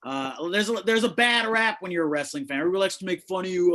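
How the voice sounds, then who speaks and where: A man's voice: sits high, fast, bright, forceful tone, poor audio. A man doing a stand-up set at an online open mic from his home over a video call, delivering punchy, brash jokes with a lot of swearing. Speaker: stand-up comic. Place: home, indoors on carpet.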